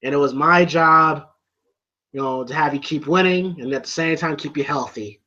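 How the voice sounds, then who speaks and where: A crusty old boxing trainer barking blunt warnings at his fighter, in a man's put-on voice. The pitch is pushed up and a little strained, on a dull, lo-fi recording. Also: normal speed, bright, forceful tone. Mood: somber. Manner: scolding, blunt.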